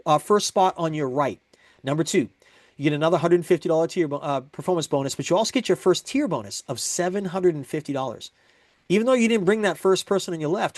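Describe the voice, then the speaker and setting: A man's voice: high voice, no echo, studio quality. A man giving a recorded sales presentation, upbeat and explaining step by step.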